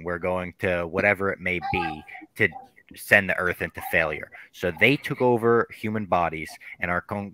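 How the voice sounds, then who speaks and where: A man hosting a podcast, retelling a TV episode in a loose, animated, profane way. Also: deep voice. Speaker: podcast host. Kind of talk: casual podcast recap.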